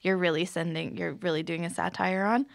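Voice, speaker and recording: A woman's voice: on the low side, fairly even intonation, fairly quick, creaky, dry recording. A woman hosting an interview, chatty and full of filler words. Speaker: podcast host. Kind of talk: casual interview chat.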